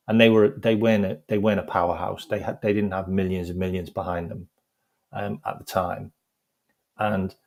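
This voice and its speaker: A man's voice: low-pitched, a little mellow. A man hosting a football fan channel, chatting casually in a rambling way, with lots of "like" and laughter as he tells stories. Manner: rambling, heavy use of "like", laughs while telling stories. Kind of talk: casual live-stream chat.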